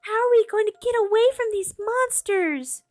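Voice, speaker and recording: A woman's voice: extremely high pitch, lively intonation, normal speed, darkish tone, pitched above the performer's own voice. A woman voicing a scared young girl who pleads shrilly and trembles, in a storybook reading. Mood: frightened.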